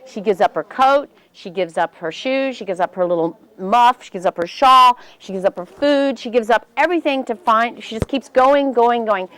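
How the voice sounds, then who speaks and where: A woman telling a fairy tale to children, animated and voicing the characters as she goes. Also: normal speed, hardly any pauses. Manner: animated, voices the characters with big pitch jumps. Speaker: storyteller.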